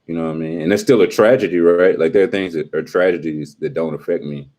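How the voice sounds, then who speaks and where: Deep-voiced man chatting with his stream. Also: fast talker, darkish tone. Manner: slangy, teasing, talks straight to his chat. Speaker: live-stream host. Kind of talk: casual live-stream chat reading viewer comments.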